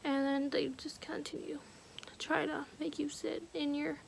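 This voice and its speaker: A woman vlogger telling a personal story in a hushed, halting way, often dropping to a whisper and filling pauses with "like". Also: sits high, level tone, vocal fry, a little hiss or hum. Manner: halting, heavy use of "like".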